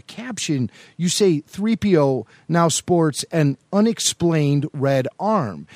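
A man co-hosting a podcast, asking questions in a relaxed, chatty way. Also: on the high side, no echo. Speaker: podcast co-host. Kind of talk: casual podcast interview.

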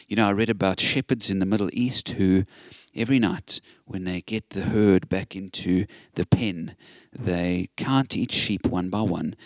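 Earnest preacher guy, low voice, quoting scripture with emphasis, dry close mic. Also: no room sound. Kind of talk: sermon.

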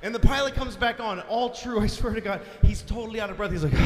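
A male stand-up comedian on stage who tells an animated, profane, exasperated story. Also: high voice. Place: large concert hall stage. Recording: live hall reverb, faint noise.

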